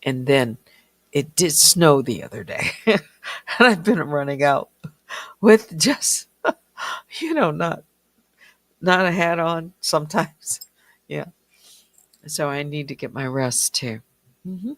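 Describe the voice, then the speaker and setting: In a small, warm room, a late-night stream host speaks slowly and quietly, sometimes dropping into a whisper. The mid-pitched voice is a little dry and strained yet swings widely in pitch, and the close recording is dry with no room echo.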